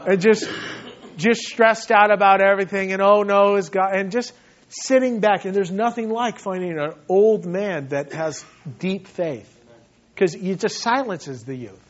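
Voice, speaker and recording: Guy pastor preaching, kinda high voice, lively, laughs a lot, dull lo-fi sound. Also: a little slow. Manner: animated, laughing, acting out little voices. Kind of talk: sermon.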